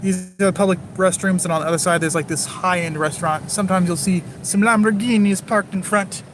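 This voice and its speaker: This high-voiced man talks fairly quickly in a steady tone against a noisy background. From his car on city streets, he rambles and cracks jokes to his stream's chat viewers without stopping.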